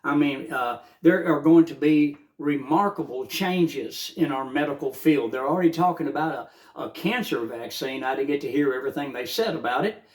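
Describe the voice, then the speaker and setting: Rambling older man, slightly high voice. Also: moderate pace, few pauses. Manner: rambling, fervent, with many filler uhs. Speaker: vlogger. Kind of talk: casual morning monologue.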